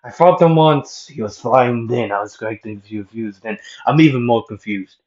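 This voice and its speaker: A man's voice: mid-range voice, normal speed, darkish tone, muffled recording, natural voice. A man voicing a confused, long-lived male warrior with a put-on thick foreign accent, rambling and bewildered. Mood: baffled.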